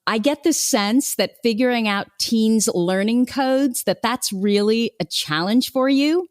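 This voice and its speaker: A woman's voice: fairly high pitch, unhurried, no room sound, clean studio sound. A woman in her forties hosting a podcast, chatting casually and laughing often. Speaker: podcast host. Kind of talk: casual interview chat.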